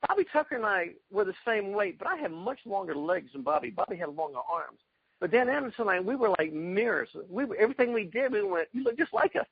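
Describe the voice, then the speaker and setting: A man being interviewed, telling excited stories about past fights and acting out quotes. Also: high voice, fast, gravelly, breathy edge, dry recording, highs cut off. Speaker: guest, karate fighter. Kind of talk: animated storytelling interview.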